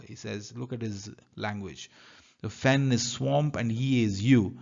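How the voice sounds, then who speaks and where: Man, literature teacher, slow careful explanations, dull lo-fi sound. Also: on the low side, a little mellow. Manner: slow, careful, reads lines then paraphrases. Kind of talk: reading and explaining a play in class.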